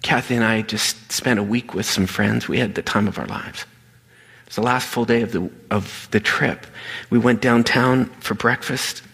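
A man's voice: lowish voice, gravelly, fairly bright tone, breathy edge. A middle-aged man preaching a sermon, telling a story animatedly and dropping to a near whisper at emotional moments. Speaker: pastor. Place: large hall with audience. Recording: reverberant hall.

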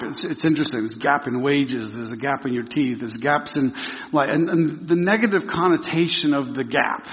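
A man on a church teaching team, giving a casual, joking sermon with many restarts and throat clearing. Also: a little high, a bit bright. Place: church hall. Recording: echoey hall, dull lo-fi sound.

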